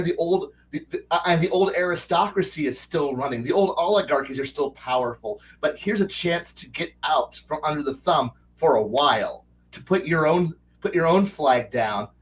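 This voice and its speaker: Rambling man, somewhat high voice. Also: far from the mic, low-quality recording. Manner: rambling with many false starts and restarts; animated, breaks into quick character voices. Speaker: podcast guest. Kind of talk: casual chat.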